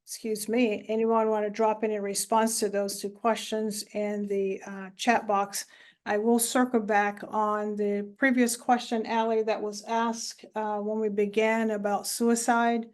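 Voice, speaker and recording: A woman presenting a talk on grief in an online webinar, speaking in a measured way with many filler sounds. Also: mid-range voice, flat delivery, a little mellow.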